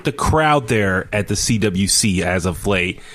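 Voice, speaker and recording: A man's voice: lowish voice, lively intonation, a little slow, fairly bright tone, slight background noise. Middle-aged male podcast co-host, loose rambling delivery, lots of fillers. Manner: rambling, searches for names, many fillers. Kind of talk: casual wrestling review chat.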